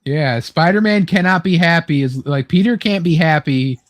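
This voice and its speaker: A man's voice: a little high, moderate pace, dry recording. A man hosting a casual chat who reads from a film script, rambling with many fillers and restarts. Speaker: host.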